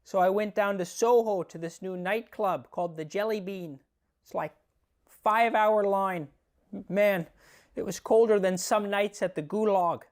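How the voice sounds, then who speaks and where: A reedy, pondering professor. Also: male voice, sits high. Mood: earnest. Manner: pondering pauses, lofty phrasing. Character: earnest rambling male professor, wordy, anxious. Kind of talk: comedy sketch impression.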